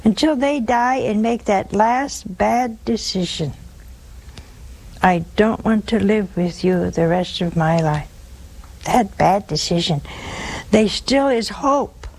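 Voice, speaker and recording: An older woman speaks slowly and deliberately, offering earnest spiritual counsel to callers. She often doubles back on her words for emphasis. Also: mid-range voice, darkish tone, rough recording. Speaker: religious call-in show host. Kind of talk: spiritual counsel on a call-in show.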